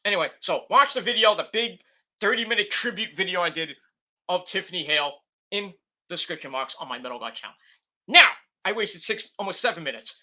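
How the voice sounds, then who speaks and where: Man, high-pitched, very bright tense voice, profane rambling reviewer. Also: animated, brisk. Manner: rambling and profane, with frequent self-corrections. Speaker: wrestling show reviewer, host. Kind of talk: casual spoken review and rant. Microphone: computer setup while recording.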